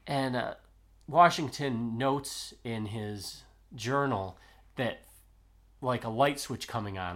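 A man's voice: medium pitch, fairly bright tone. A man hosting a history podcast, casually retelling events and acting out the quotes of the people involved. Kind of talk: casual storytelling chat.

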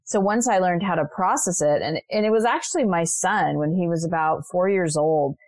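A woman's voice: lowish voice, moderate pace, a little mellow, no echo. A woman guest on an interview show, earnestly and reflectively sharing personal stories with frequent asides. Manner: earnest, reflective, lots of "you know" asides. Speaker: guest, transformational leader and spiritual mentor.

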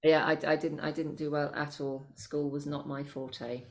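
A middle-aged woman hosting a casual interview, relaxed and agreeable, often laughing along. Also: deep voice, normal speed. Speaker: podcast host.

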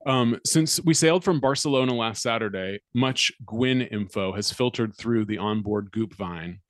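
A man's voice: lowish voice, normal speed, dry recording. A man co-hosting a casual podcast, reading an article aloud with wry, mock-dramatic asides. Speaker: podcast co-host.

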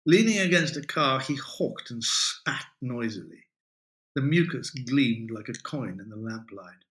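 A male writer reading his own short story aloud in a vivid, expressive way. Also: mid-range voice, a little slow. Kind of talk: literary reading.

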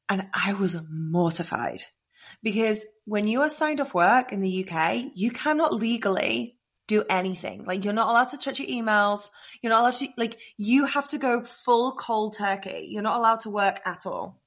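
Animated British woman telling her story. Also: mid-range voice, normal speed. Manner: animated, acts out her own past thoughts in quotes. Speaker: podcast guest. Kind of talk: candid personal storytelling.

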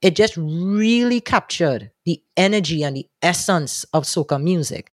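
A man answering interview questions, thoughtful and animated, often restarting his sentences. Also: a little high, unhurried, dry recording, clean studio sound. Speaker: guest, soca music commentator.

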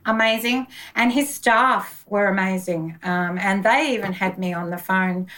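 A woman's voice: medium pitch, measured pace, distant mic, a little hiss or hum, low-quality recording. Lady telling her story, acts out the back and forth, sits a bit back from the mic. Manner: animated storyteller, acts out her own past dialogue. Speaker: bookkeeper. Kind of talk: conversational interview storytelling.

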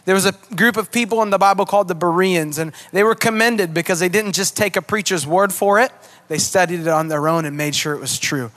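High-voiced chatty male pastor. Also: brisk. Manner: chatty, self-deprecating, animated. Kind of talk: sermon. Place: church auditorium.

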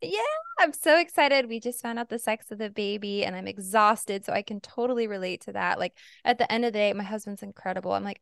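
A pregnant woman in her thirties chatting casually on a podcast, bubbly and quick to laugh. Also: medium pitch, gravelly, clear, resonant tone, no echo, clean studio sound. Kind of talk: casual chat.

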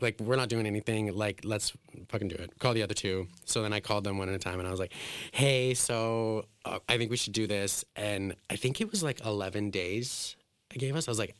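A man's voice: on the low side, a bit bright, no echo. A man, a drag performer, telling stories in a casual interview, chatty and emotional, full of filler words, laughing often and acting out what people said.

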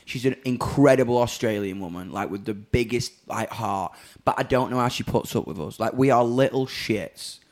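A man's voice: medium pitch, moderate pace, hardly any pauses. A man chatting casually, full of fillers and swearing. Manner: chatty, sweary, lots of "like" and "you know what I mean". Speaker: guest. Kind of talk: casual chat.

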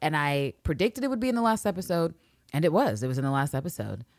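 A woman co-hosting a fan podcast in casual chat, animated and quick to act out characters' lines. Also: deep voice, no echo, studio quality. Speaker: podcast co-host.

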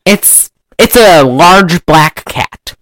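Recapping a film on her podcast, this female host chats in a rambling, lively way, slipping into mock voices and laughing loudly. Her voice is lowish with drawn-out words, and there is no room sound.

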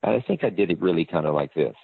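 Older guy rambling through old stories, low gravelly voice, tinny dry phone sound. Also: expressive, racing, no echo. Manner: rambling storyteller. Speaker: actor guest. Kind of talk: anecdotal interview talk. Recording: tinny phone-line audio.

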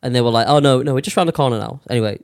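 A man's voice: mid-range voice, rapid-fire, dry recording, studio quality. A young man casually telling a long story on a podcast, with lots of swearing and fillers. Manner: swears a lot, rambling with many fillers. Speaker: podcast co-host.

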